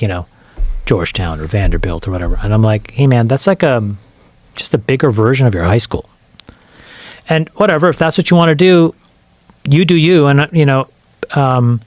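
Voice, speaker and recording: Podcast guest, middle-aged man. Lively, profane storyteller, middle pitch, dry sound. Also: dry recording. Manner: animated, profane storyteller who acts out quoted lines. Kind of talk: casual storytelling.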